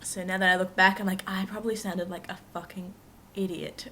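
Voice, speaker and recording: A woman's voice: mid-range voice, little pitch movement, fairly quick, bright, forceful tone, a little hiss or hum. A young woman vlogger telling a personal story to camera in a chatty, rambling, self-mocking way with lots of asides.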